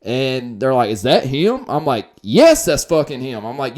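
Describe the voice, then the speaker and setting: A man casually telling a wild story on a podcast, animated and profane, his voice swinging from loud to quiet. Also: mid-range voice, measured pace.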